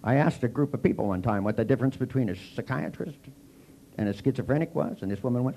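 An older man with a gravelly voice, giving a comic storytelling lecture to a seminar audience and wryly acting out both sides of his dialogues. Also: medium pitch, fast, warm tone, a little hiss or hum. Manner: wry, mocking, acts out both sides of dialogues. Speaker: seminar speaker.

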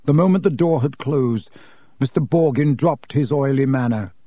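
A man narrating an audiobook in a steady, measured way. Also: medium pitch, husky, no room sound, clean studio sound.

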